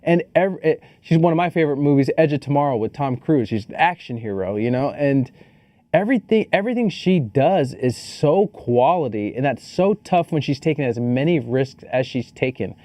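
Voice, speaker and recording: Male co-host, relaxed mellow tone, dry close sound, casual animated movie talk. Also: mid-range voice, moderate pace, no room sound. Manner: animated, joking, swears casually. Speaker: podcast co-host. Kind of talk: casual movie review chat.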